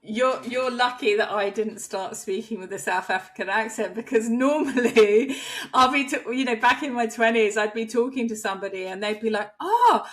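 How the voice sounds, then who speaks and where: Guest: woman coach, slightly high voice, easy agreeable chat with laughs. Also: normal speed. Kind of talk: casual interview chat.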